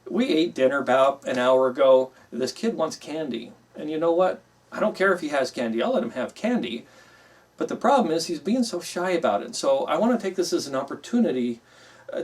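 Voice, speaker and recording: Middle-aged male teacher, conversational, a bit high, mic some distance off. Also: darkish tone. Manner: conversational, with many fillers, emphatic in acted quotes. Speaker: Bible class teacher. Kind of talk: classroom teaching, explaining with a story.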